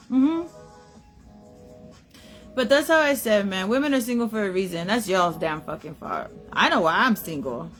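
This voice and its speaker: Podcast host, young woman, blunt profane rant, faint music bed. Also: a little high. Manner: blunt, emphatic, heavy swearing.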